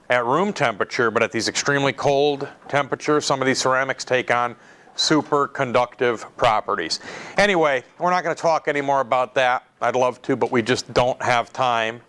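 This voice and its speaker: A man's voice: medium pitch, pushed and bright. A male instructor teaching a classroom of students in an easygoing, conversational way. He repeats his key words for emphasis and throws questions out to the room before answering them himself. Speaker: college electronics lecturer. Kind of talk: classroom lecture.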